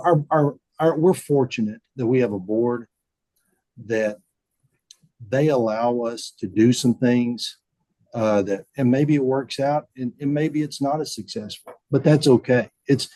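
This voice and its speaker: A man, a bank chief telling stories in a relaxed interview, folksy and often repeating words as he acts out quotes. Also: mid-range voice, moderate pace, no room sound, low-quality recording. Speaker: bank CEO, podcast guest. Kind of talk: casual storytelling interview.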